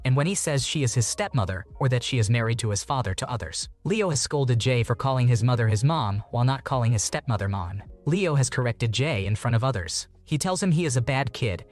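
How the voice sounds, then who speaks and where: A man reading online stories aloud in a steady scripted narration, adding brief comments of his own. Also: medium pitch. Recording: music bed behind the voice.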